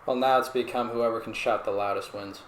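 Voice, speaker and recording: A man's voice: mid-range voice, fairly even intonation, brisk, a little hiss or hum. Agreeable man chiming in, echoey room. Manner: brief, agreeable interjections. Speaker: podcast co-host. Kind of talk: casual chat.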